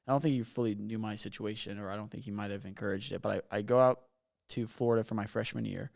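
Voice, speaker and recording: Gravelly, low-voiced young man from Bermuda. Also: steady tone, fast, a little mellow. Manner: rambling, filler-heavy with frequent "like". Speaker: podcast guest, coach. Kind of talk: casual interview storytelling.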